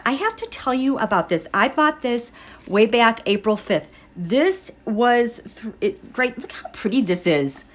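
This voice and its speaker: A middle-aged woman hosting a tarot and astrology livestream in casual live chat, emotional and halting, with frequent restarts. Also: fairly high pitch, fairly bright tone.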